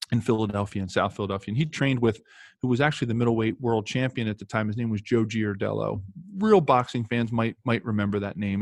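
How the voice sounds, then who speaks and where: A man in his fifties, once a pro football player, tells stories casually in a lowish voice. The clean studio recording has no echo, and his talk rambles with plenty of fillers and restarts.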